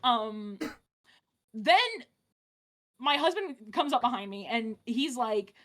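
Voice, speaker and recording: Animated high-voiced woman telling a story. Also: slow. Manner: animated, laughs often, many fillers and restarts. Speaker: streamer guest telling a story. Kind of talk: casual storytelling chat. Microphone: streaming mic.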